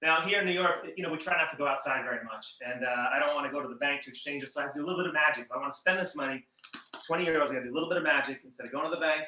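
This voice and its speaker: Bright-voiced magician on a distant video call. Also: male voice, fairly high pitch. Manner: easygoing, chatty, with many fillers. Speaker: magician and escapologist guest. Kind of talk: casual chat with magic patter. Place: home in a room with echo. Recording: roomy echo, distant from mic.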